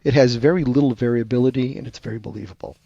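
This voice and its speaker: A man's voice: racing, vocal fry, no echo, muffled recording. A man being interviewed as a guest expert, explaining in a teacherly way and acting out the questions a buyer might ask. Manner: animated, teacherly, acts out buyer questions with shifting pitch. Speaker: guest expert on sales value.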